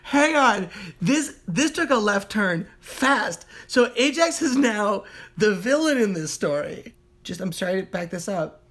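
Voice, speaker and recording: Lively woman joking and reacting. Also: mid-range voice, unhurried. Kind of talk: casual chat.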